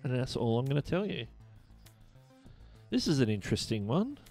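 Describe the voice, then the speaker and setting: A man's voice: medium pitch, sing-song, moderate pace, vocal fry, a little mellow, soft background music. A man with an Australian accent hosting a casual live-stream trivia show, chatting and reading viewer messages aloud. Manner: chatty, reads chat messages aloud, chuckles often. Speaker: livestream host.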